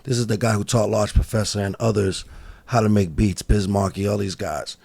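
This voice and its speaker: A man's voice: lowish voice, steady tone, a little fast, vocal fry, darkish tone, no room sound. A man chatting casually in a laid-back way, telling stories about studio days. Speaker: guest. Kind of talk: casual chat.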